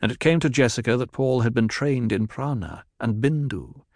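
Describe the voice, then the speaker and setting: Man reading an audiobook, steady, mid voice, dead dry mic. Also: medium pitch, moderate pace, no room sound. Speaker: narrator. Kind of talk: audiobook narration.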